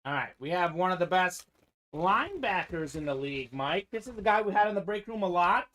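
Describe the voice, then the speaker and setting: A man's voice: sits high, expressive, brisk, bright, forceful tone. Upbeat man hosting a live card break. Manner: upbeat, running commentary on teams and players.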